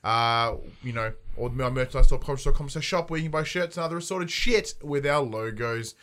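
An Australian man hosting a podcast from a home studio, telling stories in a casual, animated way and swearing freely. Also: mid-range voice, a little fast. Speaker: podcast host. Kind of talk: casual chat. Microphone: headphones and studio mic.

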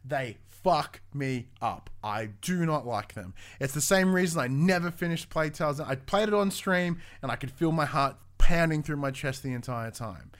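A young adult man, co-hosting a casual gaming news podcast in an animated, swearing, restart-filled way. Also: a little high, moderate pace, few pauses. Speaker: podcast co-host.

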